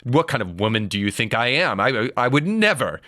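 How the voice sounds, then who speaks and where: A man's voice: medium pitch, sing-song, brisk, bright, forceful tone, no room sound. A man putting on an offended woman on a plane. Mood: indignant. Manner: hesitant, indignant.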